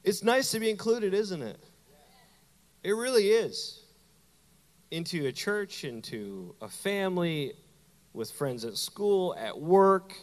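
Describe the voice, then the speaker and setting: A middle-aged man, a pastor, giving a lively, conversational sermon with playful asides to his congregation. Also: sits high, slow pace, long pauses, in a large hall. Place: church sanctuary.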